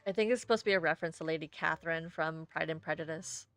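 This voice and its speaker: A woman's voice: low-pitched, fast, a bit bright, no echo, soft background music. A young woman streamer reading a story game aloud with chatty, self-deprecating asides.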